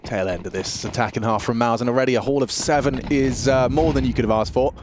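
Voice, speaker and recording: A man with a London accent giving excitable play-by-play commentary on a competitive shooter match. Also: fast, noisy background. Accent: London English. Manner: excitable, jumps in pitch on big plays. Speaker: esports caster. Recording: game gunfire audible behind. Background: game sound effects, gunfire.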